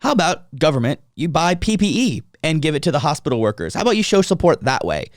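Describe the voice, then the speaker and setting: A young man rants on a podcast, swearing freely and keeping a casual, heated edge. His voice sits a little high. The sound is close and dry, with no room around it. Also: very animated, fast talker, dry recording. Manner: ranting, profane, mocks others with high put-on voices. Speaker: podcast co-host.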